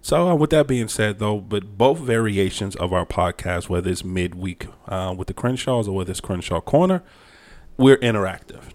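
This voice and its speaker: A man's voice: lowish voice, animated, moderate pace, darkish tone. A man co-hosting a casual couple's podcast with his wife, playful and teasing, with a put-on formal tone. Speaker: podcast co-host.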